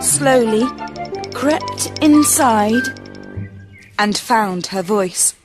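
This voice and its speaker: A woman reading a children's storybook aloud in a gentle, expressive way. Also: fairly high pitch, drawn-out words, music in the background. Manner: gentle, expressive, varied pacing.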